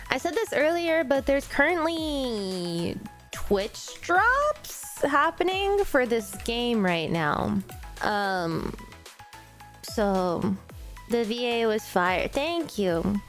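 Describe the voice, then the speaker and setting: A young woman streaming a game and reading its story aloud, chatting in an emotional, effusive way and repeating herself often. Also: mid-range voice. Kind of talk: casual live-stream chat.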